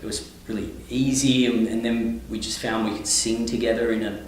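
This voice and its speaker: Australian male guest, lower voice, loose and rambling, recorded far off in a very echoey space. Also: normal speed, slight background noise. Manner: relaxed, rambling, many fillers and restarts. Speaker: touring singer-songwriter, guest. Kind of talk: casual interview. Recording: echoey room, mic at a distance.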